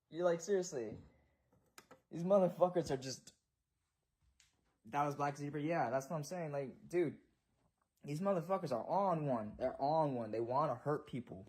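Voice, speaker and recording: Young American man, slightly high voice, profane repetitive livestream rant. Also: a little mellow.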